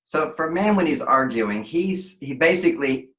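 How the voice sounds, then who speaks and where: A man's voice: a little high, animated, normal speed, fairly bright tone. A man guest on an interview show, explaining relationships in an expansive way and acting out quoted voices. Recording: echoey room.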